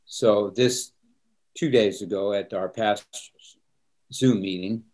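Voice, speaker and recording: An older man who serves as a pastor talks in a low, settled voice. He is earnest and open about emotion, and a light laugh comes easily to him. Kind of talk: candid interview talk.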